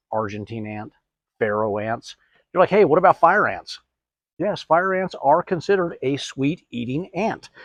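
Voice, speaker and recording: A man's voice: mid-range voice, no room sound. A middle-aged man hosting a DIY product tutorial, chatty, asking and answering his own questions. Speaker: host.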